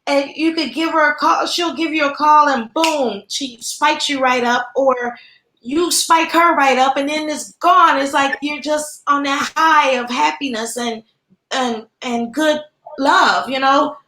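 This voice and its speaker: A woman's voice: high voice, a little slow, pushed and bright. A woman in her fifties, a pastry chef guest, talking heartfelt and casual with many fillers over a video call. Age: 50s. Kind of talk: casual interview chat. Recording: echoey room.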